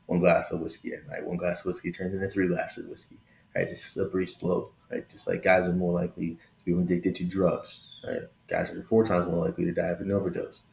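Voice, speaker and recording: Speaking low with a creaky, darkish tone, this man around thirty hosts a laid-back tech vlog. The sound is roomy with a little hiss or hum. He's affectionate and conversational, repeatedly adding "right?" as he goes.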